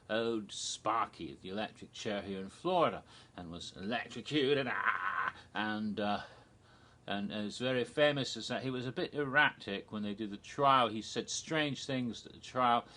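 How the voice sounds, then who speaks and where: Man, bright tone, rambling casual storytelling, lots of ums and restarts. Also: fairly low pitch. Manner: chuckles at his own jokes. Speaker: theme park history podcaster.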